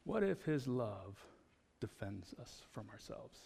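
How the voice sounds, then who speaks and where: A man preaching a conversational sermon as pastor, telling personal stories in an animated way. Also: lowish voice, slow pace, gravelly, big-room sound, slight background noise.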